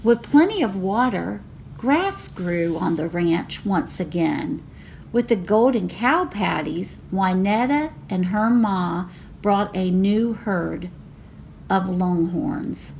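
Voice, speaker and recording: A woman reading a picture book aloud as a library storyteller, slow and expressive. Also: mid-range voice, vocal fry, a little hiss or hum.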